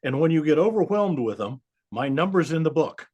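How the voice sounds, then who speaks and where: A man's voice: a little high, big pitch swings, brisk, darkish tone, dull audio. A man in his seventies, a guest accountant telling stories bluntly and emphatically in a podcast interview, swearing now and then. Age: 70s.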